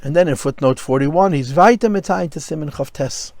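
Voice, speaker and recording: A man's voice: a little high, fairly quick, darkish tone, no echo. A man teaching a Torah lesson as a rabbi, explaining step by step and telling stories along the way. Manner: explanatory, storytelling asides, mixes Hebrew and Yiddish terms.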